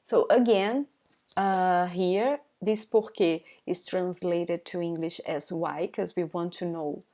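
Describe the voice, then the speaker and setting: Woman, Brazilian Portuguese accent, young adult, live online lesson, unhurried delivery, repeats examples, keeps asking "okay?". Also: fairly low pitch, fairly even intonation, mellow. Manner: repeats each example twice, checks in with "okay?". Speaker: language teacher.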